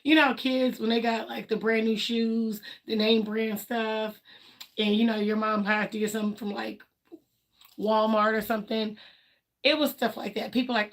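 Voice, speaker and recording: A woman's voice: on the high side, level tone, moderate pace. A woman hosting a livestream, talking candidly and emphatically in colloquial speech, acting out what other people said and laughing between her points. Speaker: livestream host. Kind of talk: casual personal talk on a livestream.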